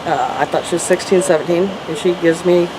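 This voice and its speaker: A middle-aged woman, an interview guest, earnestly and emotionally telling a personal story, with halting restarts. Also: lowish voice, fairly even intonation. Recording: noisy background hum.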